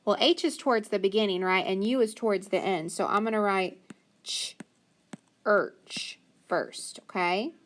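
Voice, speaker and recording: Patient woman teaching phonics slowly. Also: mid-range voice, slight background noise. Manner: slow, patient sounding-out of words. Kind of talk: phonics lesson for young children.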